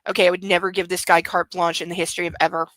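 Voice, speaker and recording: A woman reads a romance novel aloud and mocks it with sarcastic, deadpan asides. Her voice is bright and crisp. The sound is close and dry, with no room around it. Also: fairly low pitch, racing, no echo, rough recording. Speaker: host of a comic book-reading show. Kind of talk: mocking commentary on a book.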